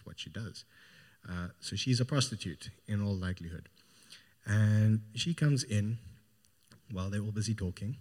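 A man preaching a sermon, retelling a Gospel story in an informal, storytelling way. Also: lowish voice. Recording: long hall reverb.

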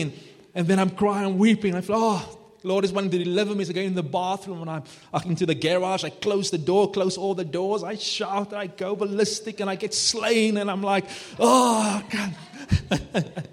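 A man preaching a sermon with passionate, animated delivery and a slightly higher voice for a man. His words build to emphatic peaks and ring out with a long reverb through a church hall. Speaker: pastor.

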